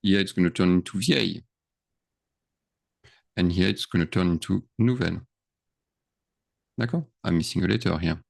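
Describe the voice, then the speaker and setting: Man, teacher, deep voice, gravelly, thinking aloud, frequent check-ins. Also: normal speed, long pauses. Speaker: French teacher. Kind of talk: screen-share grammar lesson.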